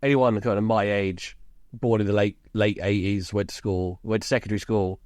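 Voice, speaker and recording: A man talks through a film like a friend telling a story, easy and chatty. His voice sits a little low. The recording is dry and close, with no room sound. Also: fairly even intonation, normal speed, darkish tone, no room sound. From England, around London. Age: 30s. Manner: chatty storyteller, recaps scenes with laughs. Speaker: podcast co-host. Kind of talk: casual film-discussion chat.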